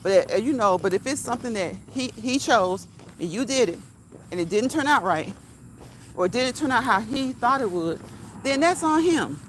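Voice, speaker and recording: A woman's voice: fairly high pitch, lively intonation, moderate pace, a little hiss or hum, poor audio. Emphatic woman vlogging on a walk. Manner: emphatic, repeats points for stress. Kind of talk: casual walk-and-talk monologue. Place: outdoors while walking.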